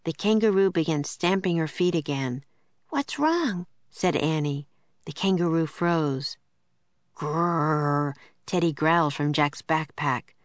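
A woman reading a children's book aloud in a clear, steady storytelling voice. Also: deep voice, normal speed, dry recording. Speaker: narrator.

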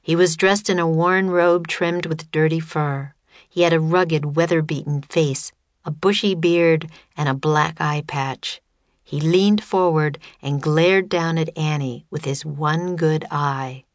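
A woman reading a children's chapter book aloud as narrator, measured and even, close to the mic. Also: deep voice, no room sound. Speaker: audiobook narrator. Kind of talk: scripted narration.

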